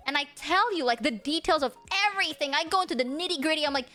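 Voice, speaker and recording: Young female streamer, high bright voice, animated rambling chat, faint music underneath. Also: brisk. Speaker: VTuber streamer. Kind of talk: casual livestream chat.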